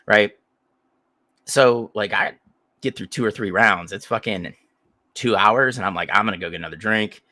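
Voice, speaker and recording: Crude, rambling storyteller man with a bright voice. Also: lowish voice, normal speed, pauses often, dry recording. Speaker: podcast co-host. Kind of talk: casual storytelling chat.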